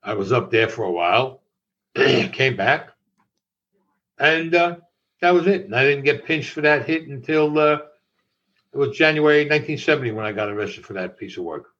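A man's voice: medium pitch, lively intonation, moderate pace, fairly bright tone. An older man, an interview guest recounting a personal story in a matter-of-fact way and acting out other people's lines. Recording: dull lo-fi audio.

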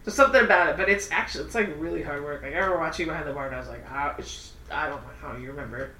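Bright-voiced chatty woman. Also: low voice, rapid-fire, reverberant, distant mic, a little hiss or hum. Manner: chatty, encouraging. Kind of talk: casual beer-tasting chat.

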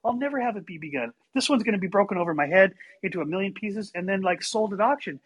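A man telling a story in casual chat, animated and acting out the quotes. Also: high-pitched, quick pace, breathy edge, low-quality recording. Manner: animated, acts out quotes with big voice shifts.

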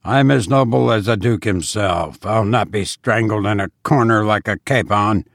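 A man's voice: lowish voice, moderate pace, gravelly, a bit bright, no echo, clean studio sound. A man reading as an indignant haughty nobleman. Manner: indignant, proud.

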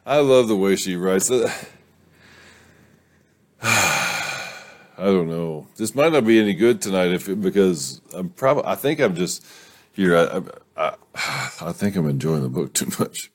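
A man's voice: low-pitched, big pitch swings, takes it slowly, pauses often, dry recording. A man reading a romance novel aloud and often breaking off to laugh, swear and joke about the story. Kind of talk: casual read-aloud with commentary.

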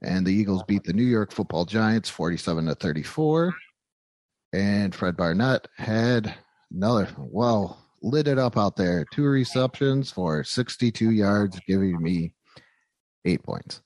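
Low-voiced guy on a football podcast, dry sarcastic takes on his own players, dry room. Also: expressive, measured pace, a little mellow, no echo. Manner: wry, self-mocking about his own players. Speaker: podcast co-host. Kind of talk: casual podcast chat.

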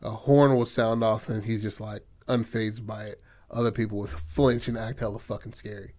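A man in a casual chat, laying out film ideas in a halting, slang-filled way with lots of fillers. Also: fairly low pitch, steady tone, a little mellow. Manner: halting, slangy, full of "like" and "you know what I mean". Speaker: co-writer planning a film.

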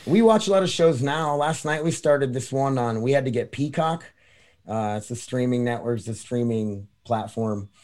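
A man's voice: mid-range voice, normal speed, darkish tone. Male podcast host, rambling, loose and profane, casual chat.

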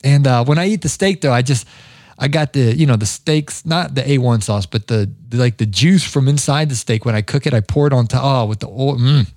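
A man's voice: medium pitch, a little fast, darkish tone, no echo, clean studio sound. A man hosting a podcast, telling stories in a chatty, rambling way with lots of fillers. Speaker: podcast host. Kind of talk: casual spoken monologue. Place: lives in Georgia.

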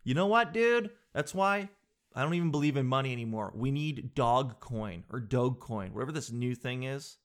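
A young man in his twenties on a stage doing stand-up comedy. He talks fast and loose in slang, with a mid-range voice, and keeps popping into quick impressions of the people in his stories. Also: medium pitch, lively intonation.

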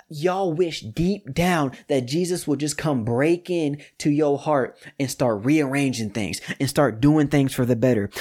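A man hosting a scripture study podcast, preaching in a lively, colloquial way straight to his listeners. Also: fairly high pitch. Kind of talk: casual preaching.

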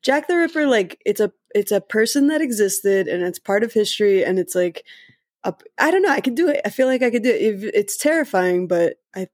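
A woman co-hosting, quick to laugh. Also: medium pitch, animated, dry recording, studio quality. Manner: warm reactive listener, quick to laugh and sympathize. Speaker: podcast co-host. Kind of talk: casual podcast chat.

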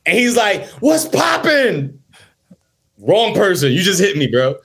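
Lively high-voiced rapper. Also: male voice, normal speed. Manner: lively, laughing, excitable storyteller. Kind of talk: casual storytelling chat.

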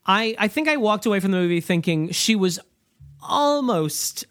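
A podcast co-host in casual movie review chat, talking with many fillers and restarts and slipping into quick mock voices when quoting. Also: medium pitch, lively intonation, a bit bright, dry recording, studio quality. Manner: chatty, lots of fillers and restarts.

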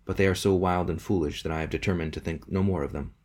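A man reading the part of a bewildered young man who speaks slowly and low. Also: fairly even intonation, a little mellow. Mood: subdued. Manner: slow, low and subdued.

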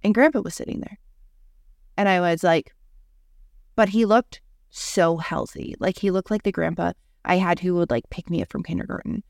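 A woman's voice: lowish voice, steady tone, normal speed, vocal fry, darkish tone, dry recording, clean studio sound. A woman hosting a podcast, telling a personal story in a casual, chatty way, full of "like". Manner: chatty, heavy use of "like". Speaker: podcast host.

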